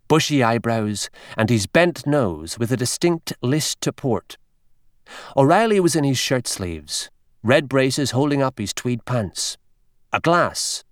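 A man narrating an audiobook in a measured, expressive way. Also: mid-range voice, no room sound, studio quality.

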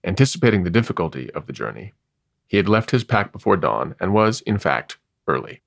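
A man reading a story aloud, measured and wry, with expressive delivery. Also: low voice, creaky, no echo, clean studio sound. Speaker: narrator.

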